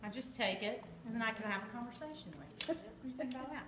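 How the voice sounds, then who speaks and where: A woman's voice: a little high, lively intonation, quick pace. A woman giving a chatty, joking live cooking demonstration and quizzing her audience. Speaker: kitchen product demonstrator. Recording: echoey room with background noise.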